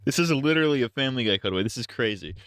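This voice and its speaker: Sarcastic male streamer, bright and dry. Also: medium pitch, lively intonation, rapid-fire, clean tone, dry recording. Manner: skeptical, sarcastic interjections. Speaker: streamer reacting to a video. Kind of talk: live-stream commentary.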